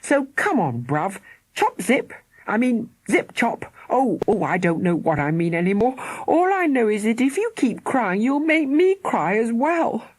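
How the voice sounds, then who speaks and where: A woman's voice: a little high, very animated, measured pace, no room sound, pitched above the performer's own voice. A woman reading an audiobook, voicing a spirited young girl who fusses over her little brother with exclamations and coaxing. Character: spirited young girl, bossy big sister. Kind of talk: audiobook character voice.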